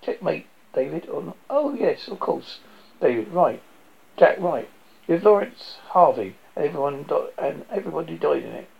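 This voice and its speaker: Man playing a gruff old pub joker, gravelly, husky, animated pitch. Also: normal speed, heavily acted. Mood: joking. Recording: dull lo-fi recording.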